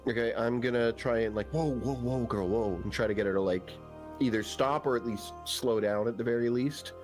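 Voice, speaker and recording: A man's voice: mid-range voice, steady tone, brisk, music in the background. A man playing a tabletop game, plainly stating what his character does. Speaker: player. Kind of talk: casual tabletop play.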